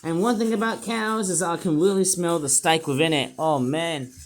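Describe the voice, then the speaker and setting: A man reviews toy figures as he unboxes them, talking at normal speed in a voice that's a little high. He rambles, makes puns, and fills his speech with fillers, all on a low-quality recording.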